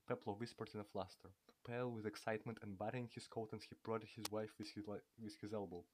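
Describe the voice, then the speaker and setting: A man's voice: lowish voice, steady tone, brisk, few pauses, a little mellow. Man narrating a storybook, with small slips. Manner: reads with occasional slips and restarts. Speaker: audiobook reader.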